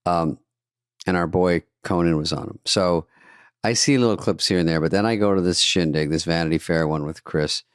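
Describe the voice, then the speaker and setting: A man's voice: low-pitched, moderate pace, clear, resonant tone, no room sound. A man in his sixties, co-hosting a podcast and telling stories with dry jokes in casual chat. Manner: dry, joking storyteller. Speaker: podcast co-host.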